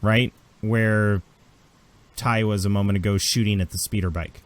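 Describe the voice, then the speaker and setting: A man narrating a tabletop role-playing game as game master, unhurried and halting. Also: fairly low pitch, steady tone, dry recording.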